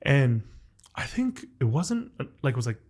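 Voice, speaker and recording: A man of middle pitch hosts a podcast conversation, reaching for words with lots of "like"s and restarts. He speaks earnestly and with open emotion, addressing his guest directly as he recounts a personal story. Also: very animated, normal speed, a little mellow. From United States. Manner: earnest, emotional, filler-heavy storytelling with many "like"s. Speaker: podcast host. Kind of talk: heartfelt interview conversation.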